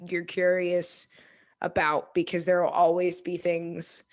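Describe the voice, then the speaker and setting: A woman in her twenties, an interview guest, talking reflectively and hesitantly with many pauses and restarts. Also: on the low side, completely flat delivery. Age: 20s. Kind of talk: reflective casual conversation.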